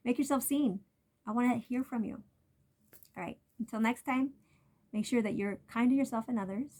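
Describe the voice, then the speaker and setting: Chatty woman host, rambling gently. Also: on the high side, normal speed. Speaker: energy medicine channel host. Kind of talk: casual instructional vlog.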